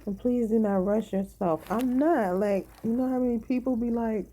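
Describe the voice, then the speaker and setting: Blunt, tired woman with a mellow voice. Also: on the high side, normal speed, hardly any pauses. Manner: blunt, emphatic, swears freely. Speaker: vlogger. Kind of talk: casual venting to viewers.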